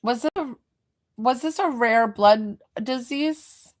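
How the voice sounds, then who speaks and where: Speaking slowly in a voice on the high side, this psychic medium conducts a live reading for a viewer. She hesitates, wanders, and keeps restarting amid plenty of fillers.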